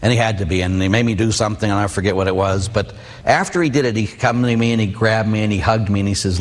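Storytelling priest in a reverberant hall. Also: male voice, on the low side, fast. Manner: storytelling, rhetorical questions to the audience. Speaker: Catholic priest. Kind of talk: sermon with personal stories.

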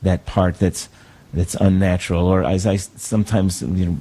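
A man, a priest, talking in a thoughtful, reflective way, pausing to search for words. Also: low-pitched, little pitch movement, warm tone. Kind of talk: conversational talk.

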